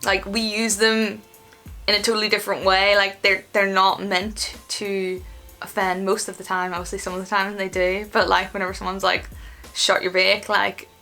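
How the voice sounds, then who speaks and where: A young Northern Irish woman chatting quickly as a vlogger in her bedroom, full of fillers. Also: medium pitch, flat delivery, pushed and bright, faint music behind. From Northern Ireland. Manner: chatty, rapid, lots of fillers. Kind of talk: casual explainer vlog.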